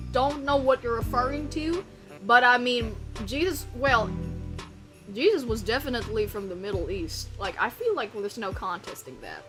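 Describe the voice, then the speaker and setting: A young woman streamer from the United States chatting casually with her live chat, bubbly, rambling and swearing as she mocks herself. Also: on the high side.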